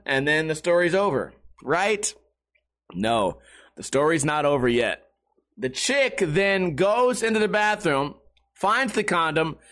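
A man's voice: high voice, a bit bright. A young man rambling through a crude, self-mocking comedic monologue as a podcast host.

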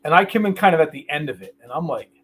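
A man's voice: a little high, lively intonation, racing, a bit bright, breathy edge. A middle-aged man, a podcast guest, telling casual stories in a blunt, joking, profane way over a video call. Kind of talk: casual storytelling.

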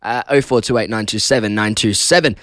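A man's voice: fairly low pitch, fairly quick, no room sound, clean studio sound. A young Australian man hosting casual breakfast radio, chatting and telling stories with frequent laughs. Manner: chatty, laughs often, animated storytelling. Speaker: radio host. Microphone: studio broadcast mic.

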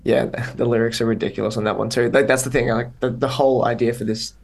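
Gravelly young Australian man chatting. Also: mid-range voice, little pitch movement, fast. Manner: rambling, upbeat, lots of fillers. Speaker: guest musician. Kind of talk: casual podcast chat.

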